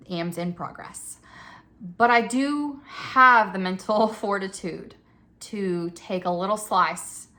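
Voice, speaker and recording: A woman's voice: fairly low pitch, sharp tone. A woman in her thirties chatting casually as a vlogger, encouraging and self-deprecating. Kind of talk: casual chat.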